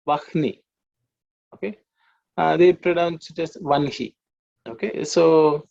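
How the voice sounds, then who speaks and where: A man's voice: fairly high pitch, creaky, a little mellow, highs cut off. A man teaching an online Sanskrit class, explaining patiently with many fillers and restarts.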